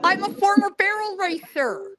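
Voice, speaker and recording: A woman in her forties, appearing as a guest psychic in a remote interview over a call line, tells stories emphatically and lively in a high voice at a moderate pace. She acts out animals' lines in quotes, and the poor audio carries crowd noise.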